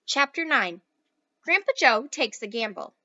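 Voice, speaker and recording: A woman's voice: a little high, lively intonation, measured pace, lo-fi sound. A woman, a teacher, reading a storybook aloud and speaking directly to her listeners in a friendly way. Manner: warm, friendly address to listeners.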